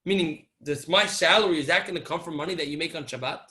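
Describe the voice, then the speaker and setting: A man delivers a sermon as a story, playing out each character's lines and swinging from loud to hushed. His voice sits high for a man, with a bright, forceful edge. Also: quick pace. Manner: animated storyteller acting out dialogue, swings between loud and soft. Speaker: rabbi giving a Torah talk.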